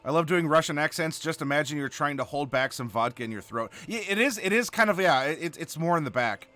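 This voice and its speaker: A male host chats casually with a slight Southern drawl, playful and full of laughter. His voice is bright and a touch high, and his pitch jumps around with real animation. He keeps the talk loose and friendly. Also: animated, fairly quick. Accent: slight Southern American. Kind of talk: casual chat.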